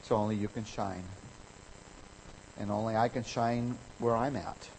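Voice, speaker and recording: A man preaching a sermon as a pastor, emphatic, his voice swelling louder on key words. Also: lowish voice, fairly even intonation, measured pace, a little hiss or hum, rough recording.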